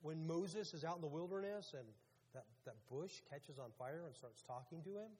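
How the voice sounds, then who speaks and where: A man's voice: on the high side, normal speed, darkish tone, breathy edge. A man preaching a casual, conversational sermon as pastor, putting questions to his audience. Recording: long hall reverb.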